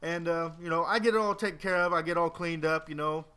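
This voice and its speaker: A man's voice: on the high side, fast talker, pushed and bright, smooth. A man in his late twenties telling a rambling, profane, joking story as casual commentary over a video game. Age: 20s. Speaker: gaming commentator.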